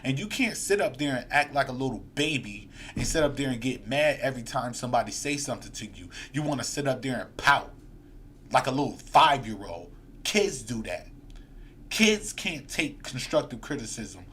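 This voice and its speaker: A man's voice: mid-range voice, animated, normal speed, a bit bright, slight background noise. A man hosting a live sports fan stream, ranting heatedly and reading viewer comments aloud. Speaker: podcast host.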